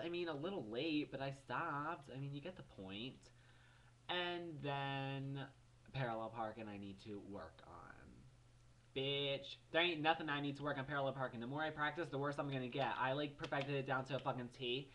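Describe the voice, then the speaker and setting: A seventeen-year-old guy from New Jersey talking straight to his vlog audience in a mid-pitched voice. He rants in an animated, exasperated way and swears freely as he tells his story. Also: moderate pace, slight background noise. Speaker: vlogger. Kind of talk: casual vlog rant.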